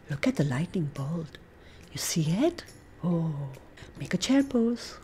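A woman with an American accent, a preschool teacher reading a picture book and leading children through playful yoga poses, coaxing and animated with soft breathy asides. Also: fairly low pitch, unhurried, soft background music.

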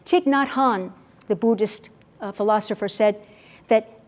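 A woman's voice: mid-range voice, a little slow, pauses often. A middle-aged woman coaching a live audience in a motivational talk, stressing key words by repeating them and coaxing listeners to join in. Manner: lively, coaxes the audience to join in. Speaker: public speaking coach. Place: event venue with an audience.

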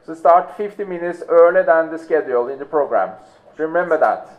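A man's voice: on the high side, lively intonation, a little fast. A man giving practical schedule announcements to a conference audience in a hotel ballroom, matter-of-fact with many fillers. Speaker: event organizer making announcements. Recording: tinny phone-like recording.

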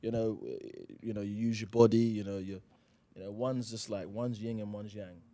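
Relaxed South London man, rambling. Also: lowish voice, moderate pace, no echo. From England. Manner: relaxed and rambling, full of "you know". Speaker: actor guest. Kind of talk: casual radio interview chat.

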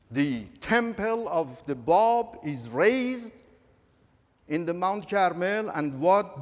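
Slow, earnest man. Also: high-pitched. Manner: halting, repeats words, emotional and earnest. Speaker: conference speaker. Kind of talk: lecture on religious history. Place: large conference hall. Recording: echoey conference hall.

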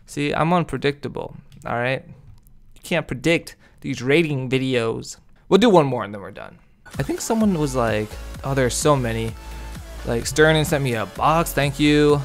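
A man's voice: mid-range voice, expressive, normal speed. Goofy rambling young man, laughing a lot. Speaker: game video creator rating outfits. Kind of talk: casual commentary over gameplay. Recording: faint background music.

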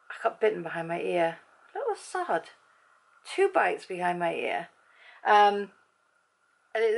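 A woman's voice: mid-range voice, creaky. A middle-aged woman from England chatting casually in her vlog, amused as she reacts to clips. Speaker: vlogger.

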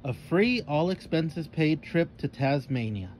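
A man reading a children's story aloud with expressive narration. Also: a little high, unhurried, a little hiss or hum.

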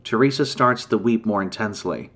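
A man narrating a scripted scary campfire story in a steady, measured way. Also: fairly low pitch.

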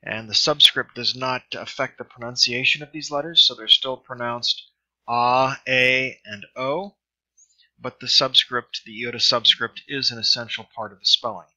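A middle-aged man teaching in a recorded lesson, speaking slowly and carefully as he drills pronunciation. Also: medium pitch, fairly even intonation, bright, forceful tone. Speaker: Greek teacher. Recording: dull lo-fi screen recording.

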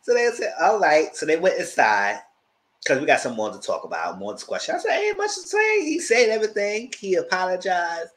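A man giving a casual, animated recap of a reality show, acting out quotes in a squealing high voice and breaking into loud laughs. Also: brisk, rough recording. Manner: loud laughs and shouted asides. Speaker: TV show reviewer.

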